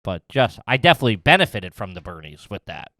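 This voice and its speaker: A man's voice: lowish voice, sing-song, quick pace, bright, forceful tone, dry recording, clean studio sound. A man in his thirties hosting a podcast, rambling through casual chat with lots of fillers and laughs. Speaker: podcast host.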